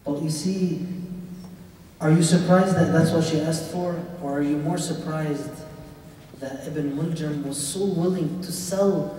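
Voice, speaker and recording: A man delivering a sermon in a hall, telling a story dramatically and praying slowly. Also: fairly high pitch, steady tone, warm tone, a little hiss or hum. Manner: dramatic storytelling, rising to impassioned, then slow lament. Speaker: shaikh giving a Ramadan lecture. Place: mosque or community center hall. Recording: echoey hall from far off.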